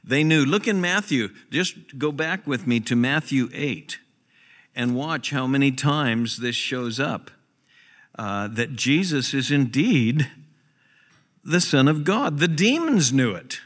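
A man's voice: medium pitch, lively intonation, takes it slowly, a bit bright, big-room sound. A man preaching a sermon as a pastor, emphatic and repeating key phrases for stress. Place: church sanctuary.

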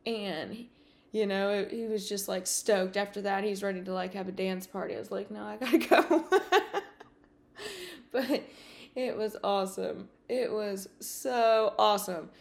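A woman podcast host telling a personal story in a casual, animated way, with many fillers and acted-out dialogue. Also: medium pitch, normal speed, vocal fry.

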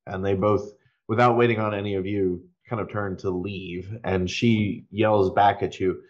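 Guy game mastering a tabletop session, lowish voice, kinda muffled recording, loose and rambling. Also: normal speed. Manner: relaxed, many ums and restarts.

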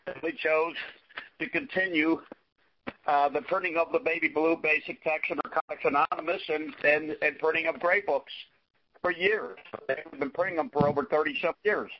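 A man sharing in a group discussion, halting, with many fillers and frequent "okay?" check-ins. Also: fairly high pitch, fairly even intonation, slight background noise. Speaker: recovery meeting participant. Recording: dull lo-fi audio.

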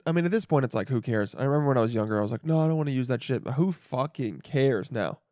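Rambling, profane young podcast host. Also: male voice, medium pitch, a little mellow, no room sound, studio quality. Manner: rambling, profane, self-mocking. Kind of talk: solo podcast monologue. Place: home.

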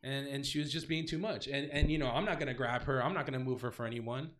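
A man working as a DJ, telling a story in casual chat with emphatic, animated retelling, swearing and restarts. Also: mid-range voice, fast talker.

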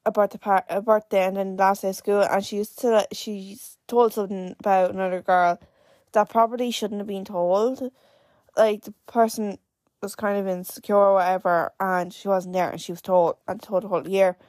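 Young irish girl chatting on her podcast, lots of likes and restarts, thoughtful, mid pitch, dead dry room. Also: a little mellow, no echo. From Ireland. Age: late teens. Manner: hesitant and reflective, full of fillers and restarts. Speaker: podcast host. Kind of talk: personal podcast monologue.

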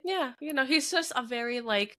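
A woman's voice: medium pitch, normal speed, a bit bright. Woman in her thirties, casual podcast chat, laughs a lot, acts out quotes. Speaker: podcast co-host.

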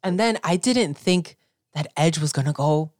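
A woman with a low voice chatting casually as podcast co-host, gushing and animated, leaning on "like". The sound is dry and close, with no room around her. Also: moderate pace, dry recording. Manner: animated, gushing fan talk with filler "like". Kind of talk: casual chat.

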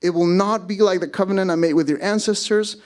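High-voiced man preaching a casual sermon. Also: brisk, darkish tone, clear, resonant tone. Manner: conversational, self-deprecating asides. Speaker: pastor. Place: church service.

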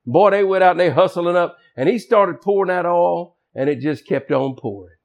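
A man's voice: high voice, moderate pace, gravelly. A man preaching a sermon as pastor, emphatic and folksy, with casual, colloquial asides.

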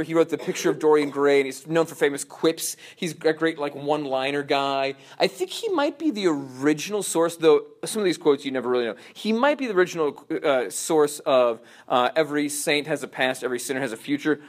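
A man teaching a parish class in a casual, rambling way, full of fillers and restarts. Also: mid-range voice.

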